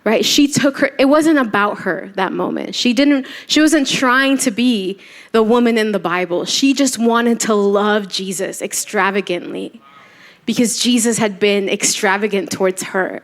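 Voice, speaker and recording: A woman's voice: medium pitch, a little slow. A woman preaching a church sermon, telling a story casually and acting out the quoted voices. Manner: conversational storytelling, acts out quotes.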